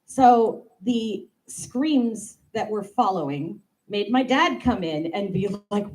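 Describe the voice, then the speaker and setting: A woman in her thirties performing a stand-up comedy monologue, animated and playful, acting out the voices in her stories. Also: mid-range voice, takes it slowly, hardly any pauses, rough recording. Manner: animated, acts out quoted voices, playful asides. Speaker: comedian doing a stand-up bit.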